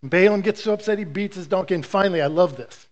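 A male pastor preaching a sermon, telling a Bible story with animated, playful asides to the congregation. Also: high-pitched, fast talker, highs cut off.

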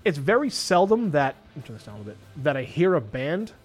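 Animated, lively-voiced radio host, man. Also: on the high side, quick pace, soft background music. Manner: animated, laughing and swearing. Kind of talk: casual radio chat. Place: radio station studio.

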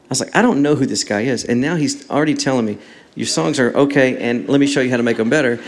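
Guy chatting in an interview, acts out the conversations, average pitch. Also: fast. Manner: animated storyteller acting out dialogue. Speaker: worship songwriter and guest. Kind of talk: casual storytelling interview.

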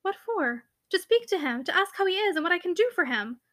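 A woman's voice: extremely high pitch, sing-song, fairly quick, a bit bright, pitched above the performer's own voice, exaggerated voice. A woman voicing a passionate, tearful young woman who pleads and frets in a classic novel reading. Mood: pleading. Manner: pleading, emotional.

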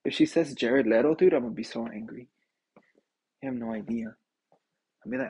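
A young man hosts a casual solo podcast, with a mid-range voice, a fairly quick pace, and a breathy edge. He tells stories and rants, animated, with lots of swearing and laughter, calling the listener "dude" a lot.

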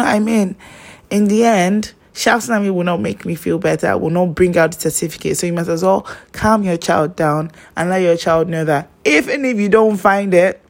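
A woman's voice: on the low side, vocal fry. A young woman, chatting casually and telling personal stories, rambling with lots of fillers. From Nigeria.

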